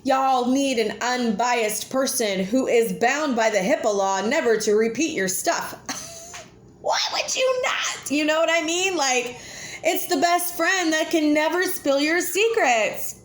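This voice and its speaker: Woman, thirties, fairly high voice, blunt and chatty vlogger, roomy echo. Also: unhurried. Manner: blunt, chatty, animated, laughs often. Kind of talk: casual talk to camera. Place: home with children nearby. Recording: echoey room.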